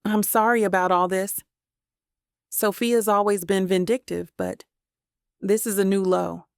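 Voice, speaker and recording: A woman voicing a steady, wealthy young man in an audiobook romance, speaking low, firm and measured. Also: creaky, smooth, no room sound, studio quality. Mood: reassuring.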